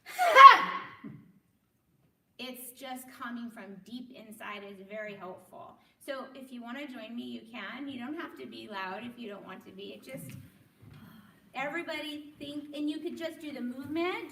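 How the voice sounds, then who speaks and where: A woman leading a group wellness class, explaining calmly and encouraging people to join the exercises. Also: high-pitched, gravelly, slight background noise. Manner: encouraging, demonstrates loud shouts. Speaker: workshop leader. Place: room with a group. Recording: echoey room, from far off.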